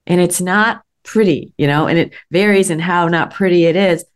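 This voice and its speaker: A woman's voice: lowish voice, normal speed, clear, resonant tone. A woman hosting a podcast, reflecting thoughtfully on her guest's story and searching for words as she goes. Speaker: podcast host. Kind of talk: reflective interview chat.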